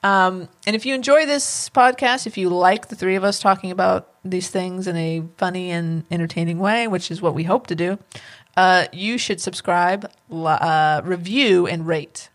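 A woman co-hosting a podcast, in easygoing casual chat with filler words. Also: lowish voice. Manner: easygoing, with filler "uh" and quick laughs. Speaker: podcast co-host. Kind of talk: casual chat, reading sign-off plugs.

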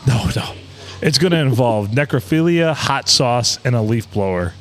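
Man, Midwestern American accent, podcast co-host, crude joking banter, lively swooping pitch. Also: moderate pace. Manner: joking, profane, drops into mock voices.

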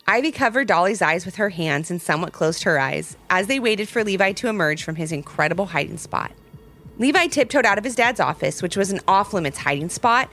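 A woman tells a children's story with a very animated, sing-song delivery. Her voice is close to the mic, dry, with no room sound. Faint music sits behind her. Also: brisk, no echo. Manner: lively, expressive, jumps high for quoted voices.

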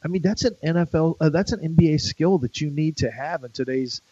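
A man's voice: on the high side, a little fast, warm tone, husky, no room sound, lo-fi sound. A middle-aged man hosting sports talk radio, rambling and joking in casual chat. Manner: rambling, chatty, jokey.

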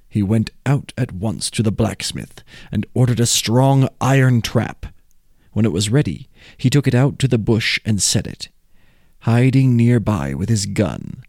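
A man reading a folk tale aloud in a measured, expressive way. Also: on the low side, no room sound, studio quality. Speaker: storyteller.

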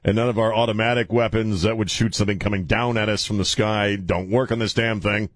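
A man hosts a loose, joking talk radio show, rambling between crude asides and laughs. His voice sits low, and the studio mic sounds dry and close. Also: fairly even intonation, fairly quick, dry recording.

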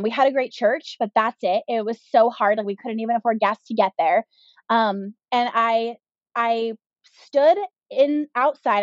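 A woman in her thirties speaks as a podcast guest, sharing her own story in a candid way. She leans on "like" and "um" as she talks, and her voice sits a little high. The recording is dry and slightly dull. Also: no echo. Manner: candid, with frequent "like" and "um" fillers. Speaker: podcast guest, business owner. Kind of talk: personal storytelling in an interview.

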